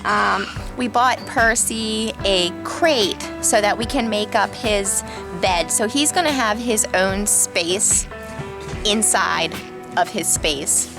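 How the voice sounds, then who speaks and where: Outdoors beside a boat, a woman vlogs casually, chatting and cooing baby talk to her pet. Her voice is medium-pitched and unhurried, with music playing in the background.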